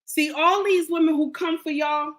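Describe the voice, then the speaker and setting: A woman's voice: high voice, fairly even intonation, moderate pace. A woman giving blunt, emphatic relationship advice straight to camera, scolding and repeating her points for weight. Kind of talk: direct-to-camera advice monologue.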